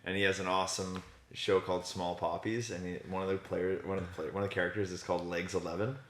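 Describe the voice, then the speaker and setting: A man's voice: low voice, level tone, fast talker, reverberant, a little hiss or hum. A man hosting a casual comedy chat, joking crudely and laughing easily. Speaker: podcast host, magician and comedian.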